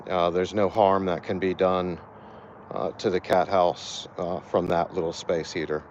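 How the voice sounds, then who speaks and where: A weary man with a low voice talks slowly and haltingly through a casual livestream, stumbling over his words and leaning on fillers. He is outdoors by a cat shelter. The phone audio is dull and lo-fi, with faint noise behind him. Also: level tone, darkish tone. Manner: halting, many fillers and restarts. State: tired. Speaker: animal rescue volunteer.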